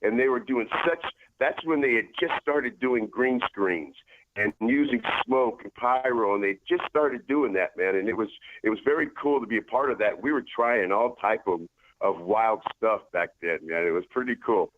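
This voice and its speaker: Laid-back middle-aged guest over a tinny phone line, easy storytelling. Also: male voice, on the low side, normal speed, noisy background. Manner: relaxed, laid-back, says "man" often. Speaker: guest, former wrestler. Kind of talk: casual storytelling.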